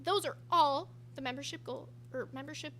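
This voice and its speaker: Fast-talking high-voiced young woman. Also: bright, forceful tone, a little hiss or hum. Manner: rapid-fire speed talking. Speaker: stream co-host. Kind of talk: casual livestream chat.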